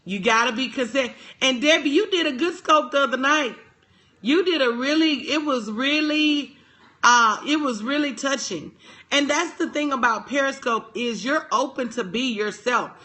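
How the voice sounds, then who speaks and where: Bright high-voiced woman hyping livestream viewers. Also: normal speed. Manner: call-and-response, greets viewers by name. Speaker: business consultant. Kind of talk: motivational livestream talk. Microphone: phone livestream.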